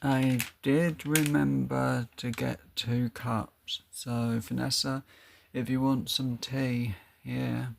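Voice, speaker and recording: A man's voice: medium pitch, level tone, slow, gravelly, hardly any pauses, slight background noise. A man chatting casually to his live stream viewers, rambling a bit and laughing often. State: out of breath.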